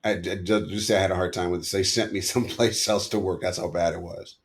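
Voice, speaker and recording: A man's voice: low-pitched, fairly even intonation, fast. A middle-aged man telling rambling, self-correcting stories as a podcast guest. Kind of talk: storytelling in an interview.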